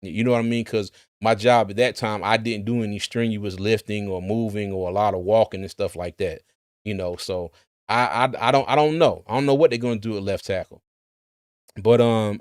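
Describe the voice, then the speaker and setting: A man's voice: lowish voice, no echo, clean studio sound. A man who hosts a sports channel, giving casual livestream commentary, chatty, laughing often and repeating words.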